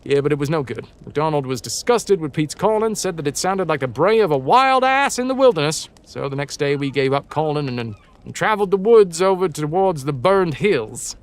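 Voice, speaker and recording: A man's voice: on the high side, expressive, fairly quick, few pauses. Man reading old stories aloud on a stream. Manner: stumbling over words, breaks off for joking asides; casual, swears now and then.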